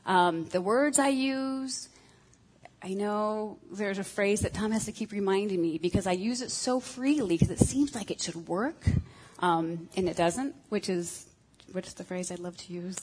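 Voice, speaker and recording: A woman speaks frankly and self-deprecatingly about marriage to a group of women, using many ums and uhs. Her voice is medium in pitch, somewhat dark and slightly rough, her pace a little slow, and the audio poor.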